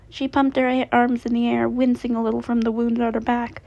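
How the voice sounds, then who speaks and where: A woman's voice: a little high, completely flat delivery, moderate pace, vocal fry, darkish tone. A woman reading her fanfiction story aloud in a plain way, with small slips and self-corrections. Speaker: fanfiction reader. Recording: dull lo-fi recording.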